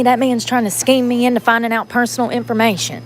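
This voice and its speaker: A woman's voice: on the high side, steady tone, fast, a little hiss or hum. A woman, vlogging casually from inside a store, talking bluntly to her viewers and muttering to herself as she shops. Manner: blunt, rambling, muttering to herself while shopping.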